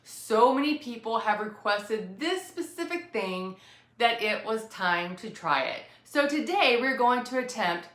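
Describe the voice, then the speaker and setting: A woman's voice: on the high side, big pitch swings, measured pace, fairly bright tone, roomy sound. A woman hosting a cooking vlog, chatty and upbeat, talking through her plan in a casual way. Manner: chatty, self-deprecating, upbeat. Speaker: cooking channel host.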